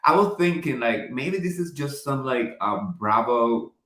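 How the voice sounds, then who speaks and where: A man hosts a relaxed gossip chat, speaking eagerly, laughing often and leaning on fillers. His voice rings with a noticeable roomy echo, as if recorded in a bare room. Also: medium pitch, moderate pace. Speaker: host.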